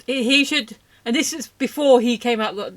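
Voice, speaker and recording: A woman's voice: on the high side, moderate pace, dry recording. A woman from the United Kingdom speaking as a podcast co-host in casual chat, mostly with brief interjections.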